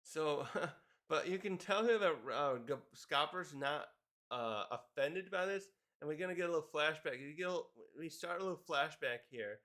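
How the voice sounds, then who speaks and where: A man's voice: a little high, expressive, moderate pace, fairly bright tone. A man casually recapping a comic chapter, rambling with fillers and chuckles. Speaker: manga reviewer.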